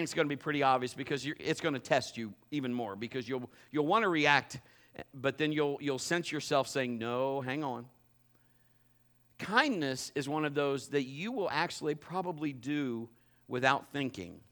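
A middle-aged man preaching a sermon, telling a funny story and acting it out in a lively way. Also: mid-range voice. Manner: animated, acts out the story. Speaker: pastor.

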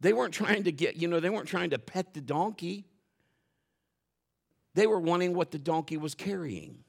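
A middle-aged man preaching a sermon in a folksy, animated way, acting out quotes and dropping to a whisper for emphasis. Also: fairly high pitch, moderate pace, gravelly. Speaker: pastor.

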